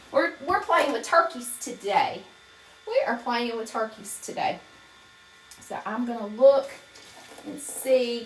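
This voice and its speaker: A woman's voice: on the high side, fairly bright tone, a little hiss or hum, rough recording. A woman from North Carolina with a Southern accent, chatting casually while teaching wreath making on a live stream and greeting viewers by name. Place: home craft room.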